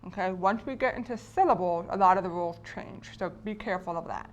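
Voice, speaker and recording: A woman's voice: lowish voice, quick pace, lo-fi sound, slight background noise. A woman explaining spelling patterns to teachers in a patient lesson, often checking in with the listeners. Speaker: teacher educator.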